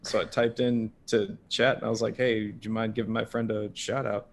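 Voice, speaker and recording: A man with a gravelly voice tells a rambling story in casual podcast chat, stumbling over restarts as he goes. Faint noise sits under his voice. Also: on the low side, level tone, brisk.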